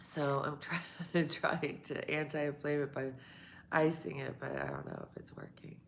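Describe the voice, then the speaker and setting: A woman's voice: low voice, flat delivery, measured pace, gravelly, a little hiss or hum. A woman live streaming a casual morning chat to her viewers. She has just woken up, her voice sounds congested as if she has a cold, and she rambles, laughs often and swears.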